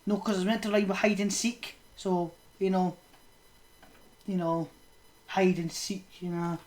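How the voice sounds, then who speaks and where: A woman's voice: mid-range voice, steady tone, unhurried, darkish tone, a little hiss or hum. Woman rambling casually about films. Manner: rambling, lots of fillers and trailing laughs. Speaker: podcast co-host.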